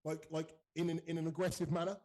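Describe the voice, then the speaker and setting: Fast-talking swearing man. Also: a little high, low-quality recording. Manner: swears freely, animated storytelling. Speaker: podcast host. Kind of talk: casual chat.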